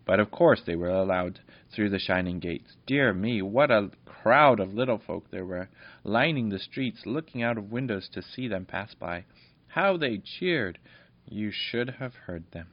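A man reads a children's fairy story aloud, homely and chatty, now and then turning to the listener. His voice is low, and the close, dry recording sounds dull and lo-fi. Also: lively intonation, a little slow, dry recording. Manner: warm, homely reading with asides.

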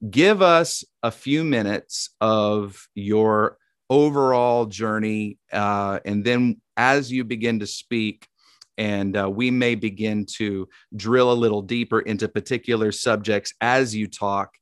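A man's voice: on the low side, takes it slowly, clear, resonant tone, dry recording, studio quality. A man from Tennessee with a Southern accent hosting a faith interview, encouraging and dropping in amens with a preacher's cadence. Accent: Southern American. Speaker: host.

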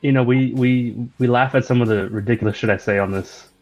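A man's voice: medium pitch, fairly even intonation, brisk, a little mellow, highs cut off, faint music behind. A man co-hosting a sports podcast, chatting loosely about football with lots of fillers like "like" and "you know". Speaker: podcast co-host. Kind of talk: casual chat.

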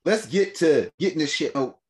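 A man tells a story in loose podcast chat, his voice sitting a bit high for a man. He is animated and slangy, laughs often, and slips into the voices of the people he quotes. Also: normal speed. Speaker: podcast host.

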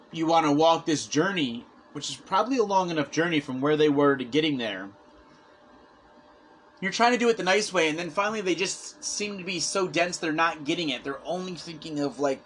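A man's voice: a little high, fairly bright tone, a little hiss or hum. A man preaching a conversational sermon, earnestly retelling a scripture story with quoted asides.

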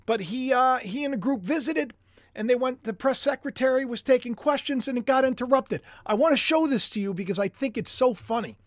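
A man hosting a livestream commentary show, excitable and animated, chatty with jokey asides. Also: extremely high pitch, fairly quick, no room sound, clean studio sound. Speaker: host.

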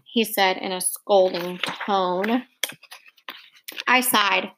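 A woman narrating a first-person novel aloud, expressive and acting out the dialogue. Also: mid-range voice, normal speed. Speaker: audiobook narrator.

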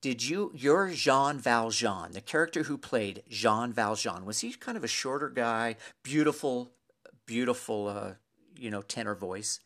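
A man's voice: medium pitch, expressive, unhurried, fairly bright tone. A man voicing his neighbor, a friend who chooses his words carefully and hesitantly. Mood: measured critique. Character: cautious, candid male friend and neighbor.

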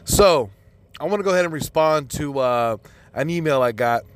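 A man's voice: a little high, lively intonation, moderate pace. A man hosting a podcast, talking casually and answering a listener's email in a profane, rambling way full of fillers. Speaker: podcast host.

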